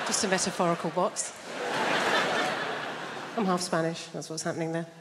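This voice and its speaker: On a large theatre stage, an English woman performs stand-up, chatting and teasing the audience and slipping into an impression of her mum. Her voice sits lowish, with heavy background noise, theatre reverb, and a loud crowd.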